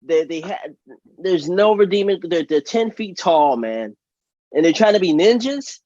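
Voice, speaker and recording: A man hosting a casual podcast chat, enthusiastic and rambling, with quick apologetic asides. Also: high voice, expressive, darkish tone, no echo, lo-fi sound. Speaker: podcast host.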